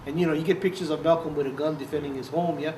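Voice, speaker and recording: A man's voice: fairly high pitch, fairly even intonation, rapid-fire, a little mellow, far from the mic. An older man, telling stories in an oral history interview, laughing and acting out what others said. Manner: storytelling, laughs often, acts out quotes. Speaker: interviewee, former activist. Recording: roomy, off-mic, faint background noise.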